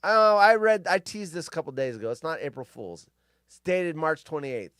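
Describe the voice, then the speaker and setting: A man's voice: a little high, moderate pace, smooth, no room sound, studio quality. A man hosting a live stream, reading news stories aloud in casual commentary with crude, rambling asides and frequent swearing. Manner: animated, jumps between loud outbursts and mutters.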